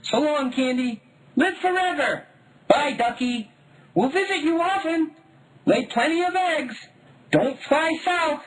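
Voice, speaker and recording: Small, excited children call out in squeaky, sing-song voices, pitched very high with a thin, changed timbre, as a male narrator puts them on. The calls swoop up and down. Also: takes it slowly, full character voice, rough recording. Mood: cheerful.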